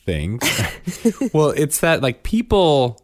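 A man in his thirties co-hosting a casual chat, telling family stories with lively acted-out lines. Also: mid-range voice, slow pace, no room sound, clean studio sound. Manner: animated storyteller, acts out his kids' lines. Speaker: podcast co-host.

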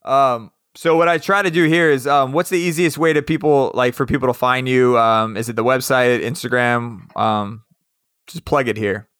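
This is a laid-back man hosting a casual podcast. His voice sits at an ordinary middle pitch, and it is recorded dry and close with hardly any room sound. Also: moderate pace, fairly bright tone, clean tone, dry recording. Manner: laid-back, runs a trivia quiz. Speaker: podcast host.

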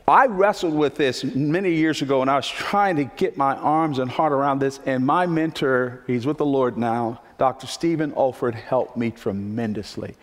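A man's voice: mid-range voice, moderate pace, few pauses. A man preaching a sermon as pastor, emphatic, repeating key phrases for effect. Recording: long reverb of a large hall.

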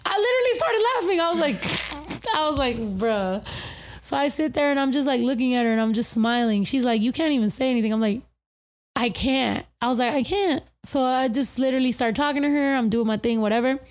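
A woman's voice: fairly high pitch, brisk. A young woman co-hosting a podcast, telling a story in casual chat. She swears often and acts out the lines of the people in it. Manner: profane, animated, acts out quotes. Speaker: podcast co-host.

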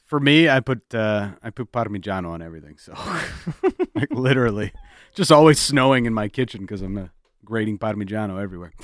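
A man hosting a sports radio show, bantering casually and laughing often, then wrapping up with a brisk sign-off. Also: medium pitch, lively intonation, no echo, clean studio sound. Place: radio studio.

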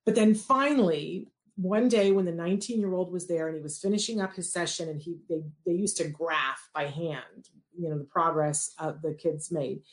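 A woman telling a personal story as a parent, animated and acting out the quoted dialogue. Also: fairly low pitch, moderate pace.

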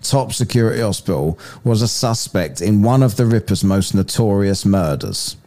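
A man's voice: fairly low pitch, normal speed, dark tone. A man hosting a podcast live stream, reading crime stories aloud and breaking off to joke about them. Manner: jokey, reads aloud then riffs. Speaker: podcast host.

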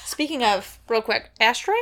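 A young woman co-hosts a casual podcast, playful and teasing as she tells animated little stories. Her voice is fairly high and bright, with a gravelly fry at the ends of phrases. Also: moderate pace. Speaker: podcast co-host. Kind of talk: casual chat.

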